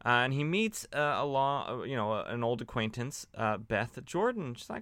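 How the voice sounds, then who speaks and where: A man's voice: mid-range voice, very animated, moderate pace, a bit bright, no echo. A man hosting a podcast, chatting casually and sardonically as he recaps old comic books, with lots of fillers and restarts. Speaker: podcast host.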